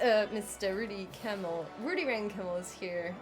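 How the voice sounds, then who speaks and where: A woman's voice: mid-range voice, very animated, normal speed, over music. A woman streaming a zoo-building game live, chatting, exclaiming in frustration, laughing and thanking viewers by name. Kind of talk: live gameplay stream chat.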